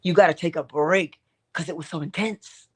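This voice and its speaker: Middle-aged female host, low-pitched, theatrical and insistent, spiritual pep talk. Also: husky. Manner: expressive, swings between high acted asides and low soft remarks; repeats and exhorts, drawn-out emphasis. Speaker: host of a morning inspiration stream.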